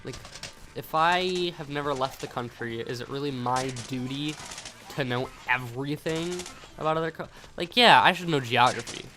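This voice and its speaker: This young American man, a gaming YouTuber with an American accent, gives rambling let's-play commentary, stumbling over his words and cursing. He talks at a moderate pace in a medium pitch with a bright, forceful tone.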